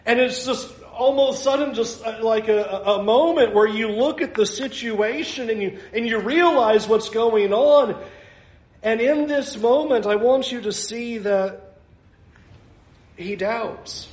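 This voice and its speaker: A man preaching a sermon, animated, acting out the scene with small laughs. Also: very high voice, takes it slowly, reverberant. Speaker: pastor.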